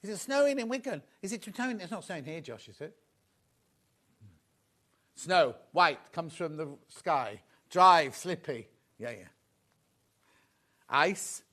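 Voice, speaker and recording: Man, shopping channel host, high voice, gushing, chatty, live studio. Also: expressive, slow pace, long pauses, fairly bright tone. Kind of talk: live home shopping presentation.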